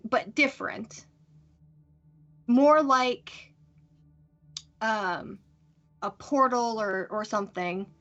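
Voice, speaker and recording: A woman narrating a tabletop game as game master, pausing often and using many fillers. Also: a little high, fairly bright tone, muffled recording. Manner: hesitant, full of fillers.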